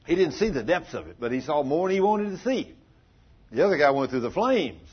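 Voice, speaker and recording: A man preaching a sermon as a pastor, telling stories in a folksy way with dramatic pauses. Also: a little high, sing-song, slightly rough. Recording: dull lo-fi recording.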